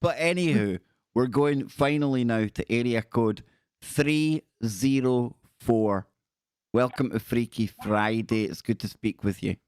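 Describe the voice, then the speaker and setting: A man's voice: mid-range voice, measured pace, darkish tone, clean tone, no echo, clean studio sound. A man hosting a paranormal call-in show, chatting casually and calling callers "man" and "dude". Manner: friendly, says "man" and "dude" often. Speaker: radio show host.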